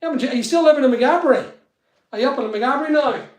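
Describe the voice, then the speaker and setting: A man's voice: very high-pitched, racing, background noise. A middle-aged man, chatting casually on a live stream and greeting viewers by name. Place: studio room being built. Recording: echoey unfinished room.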